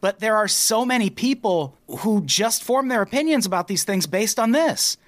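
A man's voice: high voice, expressive, normal speed. A man hosting a podcast in casual chat, with a wry, sarcastic manner. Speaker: podcast host.

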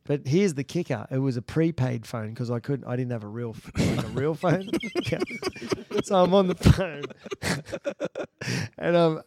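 A man's voice: mid-range voice, animated, measured pace, darkish tone, slight background noise. A man from Australia with an Australian accent, a podcast guest rambling through anecdotes with false starts and chuckles. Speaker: podcast guest, retired bull rider. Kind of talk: casual storytelling.

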